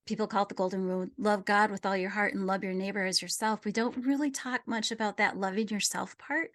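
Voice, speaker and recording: A middle-aged woman gently telling a personal story in a reflective conversation, dropping at times to a near whisper. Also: mid-range voice, steady tone, brisk, hardly any pauses. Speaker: guest sharing a personal story.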